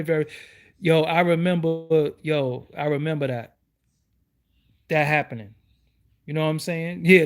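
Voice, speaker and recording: A middle-aged man, hosting his own online show and ranting to his viewers with heated, repeated rhetorical questions. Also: a little high. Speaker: YouTube show host. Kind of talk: livestream rant.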